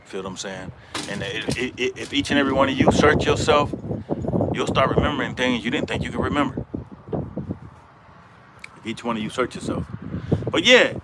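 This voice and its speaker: A man's voice: mid-range voice, moderate pace, long pauses, heavy background noise. A middle-aged man hosting a casual livestream, rambling and repeating himself as he greets viewers in the chat, speaking from outdoors in middle Georgia. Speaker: livestream host.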